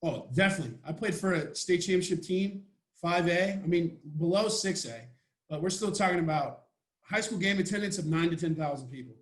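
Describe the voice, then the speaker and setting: Brief: young man from Texas, easygoing rambling podcast guest, slightly high voice, echoey room. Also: brisk. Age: young adult. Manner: laid-back, rambling, joking. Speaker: college football player guest. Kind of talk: casual podcast interview.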